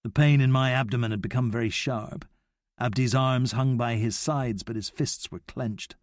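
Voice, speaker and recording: A man reading a novel aloud in a measured, steady first-person narration. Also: mid-range voice, no echo, studio quality. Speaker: audiobook narrator.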